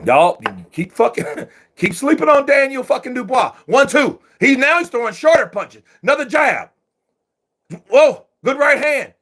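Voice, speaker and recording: Excitable husky man calling a fight. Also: very high voice, measured pace. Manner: excitable, profane, shouting at the ref. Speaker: boxing commentator. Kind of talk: live fight watch-along commentary.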